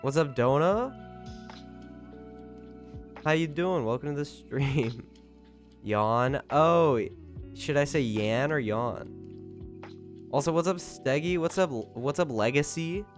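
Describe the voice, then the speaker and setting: A young adult man streaming live, chatting casually and greeting viewers by name, recovering from a cold, with loud excited bursts when he thanks people. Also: on the high side, takes it slowly, long pauses, faint music behind.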